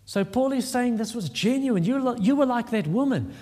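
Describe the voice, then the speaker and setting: A pastor preaching a sermon, earnest and emphatic, repeating words for stress. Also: male voice, very high-pitched, expressive, normal speed, mellow. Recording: long reverb of a large hall.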